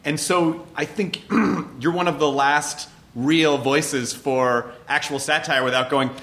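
A man's voice: on the high side, steady tone, takes it slowly, a bit bright. A man hosting a casual interview, rambling and restarting his sentences, with casual swearing. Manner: rambling, restarts often, profane. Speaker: podcast host.

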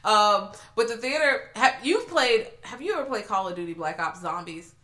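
A woman co-hosting a casual movie recap chat, animated, swearing freely and jumping high for quoted reactions. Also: moderate pace. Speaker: podcast co-host.

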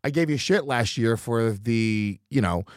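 A man's voice: medium pitch, lively intonation, unhurried, no echo, studio quality. A man, co-hosting a podcast in casual banter, rambling loosely and swearing a lot. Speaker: podcast co-host.

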